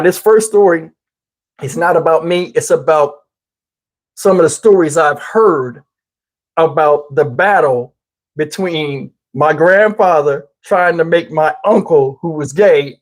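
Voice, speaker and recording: Man from New Jersey, casual storyteller, chuckling, animated and rambling. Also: a little high, low-quality recording. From Camden, New Jersey, US. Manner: chuckles often while telling the story. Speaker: channel host.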